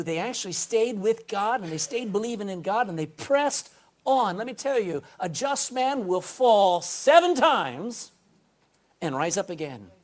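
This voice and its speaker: A man preaching a sermon to a congregation, folksy and emphatic, often calling for an amen. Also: high voice. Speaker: pastor. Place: indoor room with a congregation.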